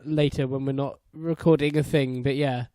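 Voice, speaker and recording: A man's voice: medium pitch, steady tone, normal speed, mellow, no room sound. A man hosting a casual gaming podcast, joking and swearing freely with a friend. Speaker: podcast host. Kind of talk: casual chat.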